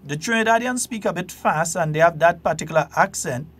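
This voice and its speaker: A man's voice: fairly high pitch, brisk, fairly bright tone, slightly rough. A man hosting a radio talk show, explaining things in a firm, emphatic way.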